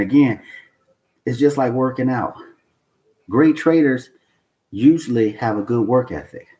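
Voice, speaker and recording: The low-quality audio carries a mid-range, darkish male voice: a trading channel host speaking unscripted to the camera. Emphatic and blunt, he repeats himself, uses swearing for stress, and keeps checking in with "okay?" and "you know why?" in a coaching manner.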